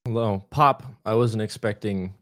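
Man from the US, podcast guest, fairly low voice, rambling, halting restarts. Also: steady tone. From United States. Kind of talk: casual chat.

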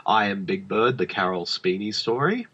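A man's voice: fairly low pitch, expressive, moderate pace, a bit bright, husky. A man co-hosting a podcast, rambling about films in casual chat with many fillers and restarts. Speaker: podcast co-host. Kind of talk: casual film review chat. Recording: dull lo-fi podcast audio.

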